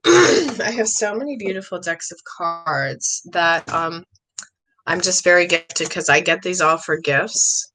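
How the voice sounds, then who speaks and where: A middle-aged woman hosting a live psychic reading stream, chatty and rambling, excitable, often clearing her throat. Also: lowish voice, slow pace, noisy background. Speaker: psychic medium host.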